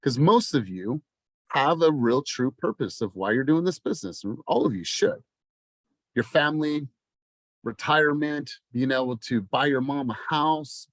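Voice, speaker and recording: A man in his thirties coaching a sales team on a video call, passionate and blunt, swearing and rising to near-shouting. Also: a little high, no echo. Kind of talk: motivational team meeting talk.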